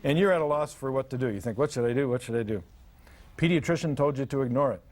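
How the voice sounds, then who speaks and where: An older man presents a parenting seminar to a live audience at an ordinary pitch. He speaks with dry humor and tells lively stories, acting out what frazzled parents and misbehaving kids say. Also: fast talker.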